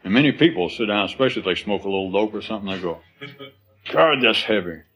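A man's voice: fairly low pitch, racing, breathy edge, rough recording. A man speaking to a live audience in a rambling, philosophical way, acting out quoted voices and laughing as he goes.

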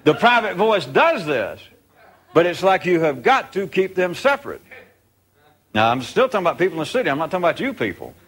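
Man with a lively, fairly high voice, giving an unscripted talk to a group and acting out his anecdotes. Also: a little fast, slightly rough. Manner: rambling, conversational, acts out quoted voices. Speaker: speaker addressing a live audience.

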